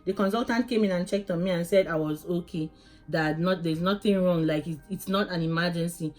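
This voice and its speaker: A woman vlogging her labor story in a casual, animated way, often calling viewers "guys" and restarting her sentences. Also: lowish voice, brisk, soft background music.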